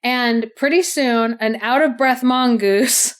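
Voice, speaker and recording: Woman host retelling a folk tale, casual, playful, fairly high voice. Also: slow pace, smooth. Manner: chatty, playful asides. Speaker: podcast host and storyteller.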